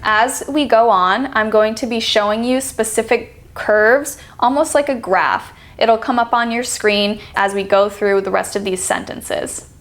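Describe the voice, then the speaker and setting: A woman teaching an accent reduction lesson, speaking clearly and deliberately and demonstrating example sentences. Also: on the high side, fairly bright tone, faint music behind. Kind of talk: scripted instructional lesson.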